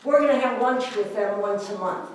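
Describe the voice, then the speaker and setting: An older woman makes her case to a city council, emphatic and lively as she acts out the neighbors' remarks. Her voice sits in a middle range. It echoes heavily around the meeting room, heard from a distant mic over a faint hum. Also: mid-range voice, moderate pace. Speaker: resident speaking at public comment. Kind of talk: impassioned public comment.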